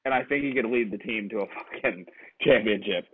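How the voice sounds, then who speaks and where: A man's voice: on the low side, a little fast, slight background noise. A man co-hosting a casual sports podcast who talks in a laid-back, casual way and swears freely. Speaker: podcast co-host. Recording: tinny phone-like line.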